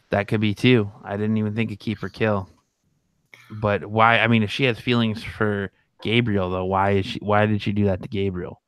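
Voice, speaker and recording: A man's voice: fairly low pitch, smooth, no room sound, clean studio sound. A man co-hosting a fan podcast, talking casually and rambling with many restarts and fillers. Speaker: podcast co-host.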